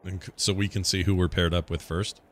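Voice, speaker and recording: A man's voice: deep voice, flat delivery, fairly quick. A man playing a tabletop game, easygoing and asking questions. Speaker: player. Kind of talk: casual tabletop play.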